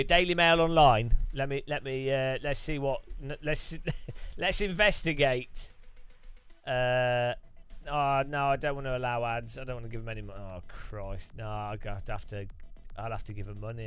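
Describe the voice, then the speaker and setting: Animated man ranting on stream. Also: mid-range voice, smooth, no echo. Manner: animated, ranting, swears, mimics voices for effect. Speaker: streamer host. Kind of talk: casual live-stream chat.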